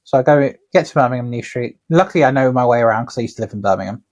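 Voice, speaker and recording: A man's voice: mid-range voice, racing, a little mellow, dull audio. A man, a tattooer co-hosting a podcast, telling long rambling anecdotes in casual chat with plenty of swearing.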